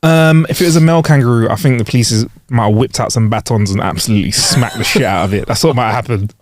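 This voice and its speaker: A man's voice: mid-range voice, fast. A man co-hosting a casual comedy podcast. He reads out odd news stories and jokes his way through them in a rambling way. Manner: jokey, rambling, laughs while reading. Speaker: podcast co-host.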